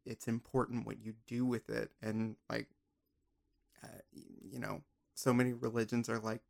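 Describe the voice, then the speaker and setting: Podcast host, male, gravelly middle voice, rambling and playful in loose conversation. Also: medium pitch, level tone, normal speed. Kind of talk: casual conversation.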